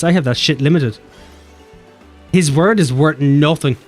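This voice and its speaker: A man's voice: on the high side, measured pace, a little mellow, soft background music. An Irish man streaming a game, joking, swearing and reading the game's lines aloud. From Ireland. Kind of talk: casual game stream chat.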